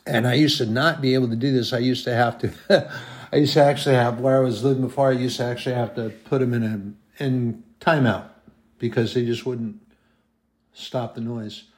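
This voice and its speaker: A man's voice: medium pitch, fairly even intonation, moderate pace. A man preaching a sermon at home, reading scripture aloud and asking emphatic rhetorical questions. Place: at home with his dogs.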